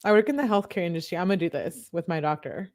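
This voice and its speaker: A woman's voice: on the low side, expressive, fast, darkish tone. A young woman reading text messages aloud in casual commentary, chatty and giggly, joking between readings. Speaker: true-crime commentator reading texts aloud.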